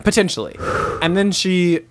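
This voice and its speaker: A man co-hosting a podcast, chatting casually about a video game, laughing often and talking quickly. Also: high-pitched, animated. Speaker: podcast co-host.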